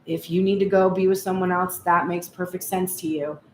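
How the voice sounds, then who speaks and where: A woman's voice: fairly low pitch, flat delivery, moderate pace. Woman tarot reader, channeled first-person reading, intense, echoey room. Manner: heated, speaks in first person as the partner. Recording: roomy echo, faint background hum.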